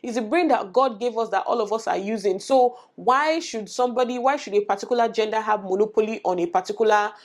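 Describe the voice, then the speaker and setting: A woman's voice: on the high side, quick pace, few pauses. A woman in her thirties, a mother, giving earnest, emphatic parenting advice in a casual vlog and repeating herself for stress. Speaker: vlogger and mother.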